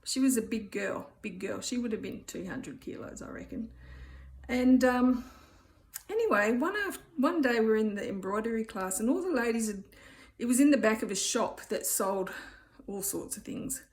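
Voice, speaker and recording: A woman's voice: a little high, expressive, moderate pace. Chatty Australian woman in her fifties. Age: 50s. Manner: chatty and rambling, many "um"s and "anyway"s. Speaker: vlogger. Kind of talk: casual storytelling to camera.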